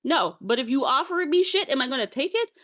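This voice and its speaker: Talk show guest: woman with a higher voice, animated, ranty, swears casually. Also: fast talker. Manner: animated, ranting, swearing freely. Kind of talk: casual chat on a live stream.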